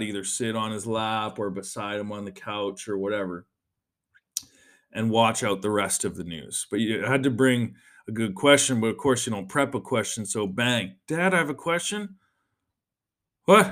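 A man's voice: fairly low pitch, fairly bright tone. A man hosting a podcast and talking in a rambling, chatty monologue, often swearing. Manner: rambling, chatty and profane, with frequent fillers. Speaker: podcast host. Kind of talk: casual solo monologue.

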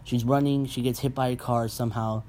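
A young man hosting a casual podcast, ranting bluntly and profanely with animated asides. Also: medium pitch, a little fast, a little hiss or hum. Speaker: podcast host. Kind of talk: casual rant.

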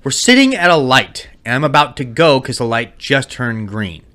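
A young adult man co-hosting a podcast, telling crude stories loudly and breaking into yelled impressions. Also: medium pitch, moderate pace. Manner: loud, animated storytelling with yelled impressions. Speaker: podcast co-host. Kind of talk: casual crude chat.

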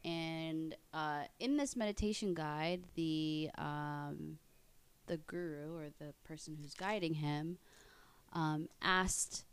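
A woman's voice: sits low, slow, smooth. A woman in casual podcast chat, telling stories and acting out the people she quotes. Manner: storytelling, animated when quoting.

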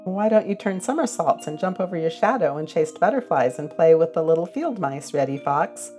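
A woman's voice: deep voice, expressive, brisk, dark tone, soft background music. A woman voicing a young male woodchuck in a storybook, calling out mocking questions.

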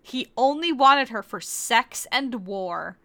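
A woman's voice: fairly high pitch, lively intonation, slow pace, background noise. A woman podcast host doing a mock-serious comic reading of fan fiction, with giggly asides.

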